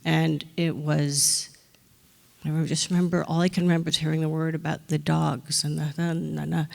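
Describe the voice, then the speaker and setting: Woman, gravelly voice, lively storyteller who acts out quotes, long hall reverb; good for panel talk. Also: low voice, normal speed. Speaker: actor on a film panel. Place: large hall on stage.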